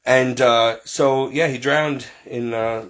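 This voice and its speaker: A man telling personal stories in a casual, rambling way, acting out other people's lines with lively quotes. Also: mid-range voice, takes it slowly. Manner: rambling, animated quoting of others. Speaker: storyteller recounting paranormal childhood. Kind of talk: casual storytelling.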